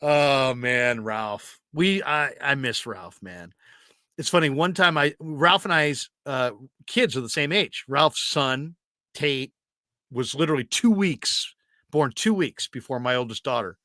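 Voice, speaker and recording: Casual male sports host, bright and forward, dry sound. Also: mid-range voice, unhurried, no room sound. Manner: animated, self-interrupting storyteller.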